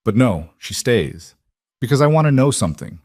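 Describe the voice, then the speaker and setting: A man voices a cold, menacing Russian crime boss in an audio story, spitting clipped threats in broken English. His pitch sits in the middle but is raised above his natural voice, swinging widely, with a moderate pace and a darkish tone. The recording is dry and studio-clean.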